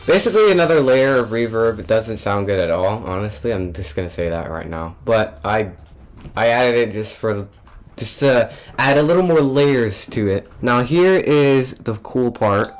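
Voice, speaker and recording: A young male producer narrates a tutorial in a relaxed, offhand way, often restarting his sentences and dropping fillers. His voice sits in the middle range for a man. He sounds like he is talking over his own project session. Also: medium pitch, normal speed. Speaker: music producer.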